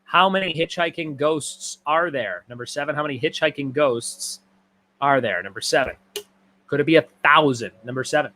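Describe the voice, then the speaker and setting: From his home garage, a man hosts a casual trivia livestream, joking and reading viewer comments aloud between questions. His voice is fairly high, bright, and forceful, at a normal speed.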